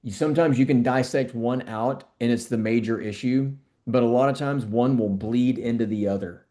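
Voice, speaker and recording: Speaking at a moderate pace with a warm, medium-pitched voice, this middle-aged functional medicine doctor is the guest in a conversational interview. He comes across as earnest and tends to repeat words while thinking.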